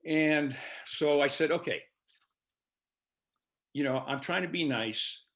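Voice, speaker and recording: A man's voice: fairly high pitch, takes it slowly, a bit bright. An older man, an instructor, telling a personal story to his class with many hesitations and uhs. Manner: rambling, hesitant, full of uhs.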